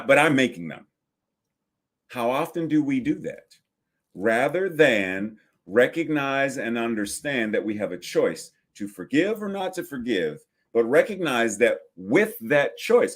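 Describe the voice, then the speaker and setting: Slow, deliberate male minister in his 50s. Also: mid-range voice. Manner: slow, deliberate preaching with repetitions and pauses. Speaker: senior minister. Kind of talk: sermon.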